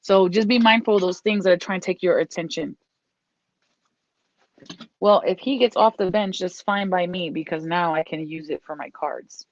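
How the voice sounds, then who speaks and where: Lower-voiced woman giving a tarot reading. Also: moderate pace, no echo. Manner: repetitive, encouraging, breaks off to scold her dog. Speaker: tarot reader. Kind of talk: casual tarot card reading. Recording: dull lo-fi dry recording.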